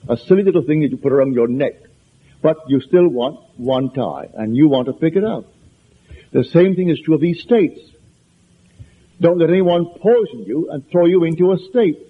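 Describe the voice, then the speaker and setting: A man's voice: a little high, slightly rough. A man with an accent giving a spiritual lecture, conversational and anecdotal, with emphatic repetitions. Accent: foreign accent. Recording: tinny lo-fi lecture recording.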